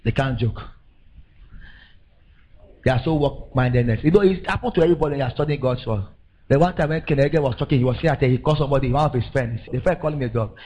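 A man's voice: mid-range voice, fast, slight background noise, rough recording. An older man with a Nigerian accent preaching a sermon, telling stories with laughter and building to emphatic declarations. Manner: animated storytelling, laughing, rising to emphatic declarations. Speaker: pastor.

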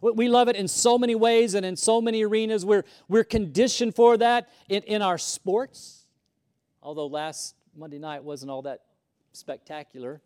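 A man preaching a sermon, moving from loud emphasis to hushed whispers and often repeating words as he starts a sentence. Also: sits high, normal speed, clear, resonant tone. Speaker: pastor.

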